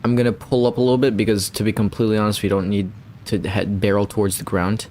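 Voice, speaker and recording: A young man giving rambling, playful gameplay commentary, with bursts of excitement when things go his way. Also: on the low side, quick pace, slight background noise. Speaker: gamer.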